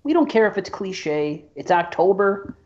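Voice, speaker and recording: Excited, rambling male podcast host. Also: high-pitched, unhurried, highs cut off. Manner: enthusiastic, rambling. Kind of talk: casual chat.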